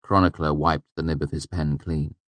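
A man narrating an audiobook in a measured, even storytelling manner. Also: a bass voice, no echo. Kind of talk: scripted narration.

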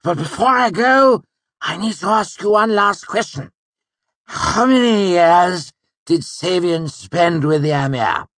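A man voicing an excitable, short older nobleman who talks animatedly. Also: high-pitched, slow, dry recording, clean studio sound, pitched above the performer's own voice, exaggerated voice. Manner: giddy, animated, gesturing wildly.

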